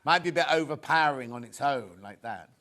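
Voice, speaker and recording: A man's voice: medium pitch, expressive, brisk, pushed and bright. A man presenting fabrics on a live TV shopping show, chatty and rambling, full of anecdotes.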